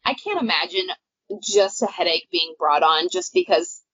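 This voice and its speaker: A woman co-hosting a casual book podcast, rambling with many fillers and quick laughs. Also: on the low side, expressive, sharp tone, breathy edge, dry recording. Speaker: podcast co-host. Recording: dull dry lo-fi audio.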